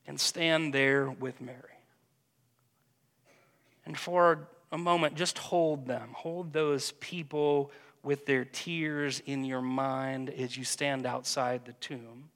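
A man leading a congregation through a guided prayer meditation, speaking gently and hesitantly, often repeating words. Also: on the high side. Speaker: pastor. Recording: long reverb of a church hall.

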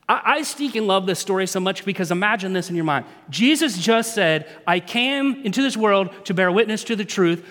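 A man preaching a sermon to a congregation, telling the story with animated swings between hushed, low passages and emphatic outbursts. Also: in a large hall.

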